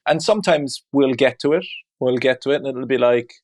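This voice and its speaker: A man's voice: mid-range voice, brisk. A man speaking as a father in an interview, reflective and open, talking candidly with frequent "you know" asides. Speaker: guest; father of two.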